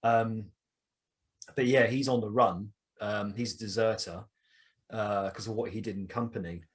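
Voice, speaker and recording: A man with an Essex accent hosting a podcast, talking in an excitable, rambling way with many restarts. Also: on the low side, moderate pace, slightly rough. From Essex, England. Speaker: podcast host. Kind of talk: casual podcast chat.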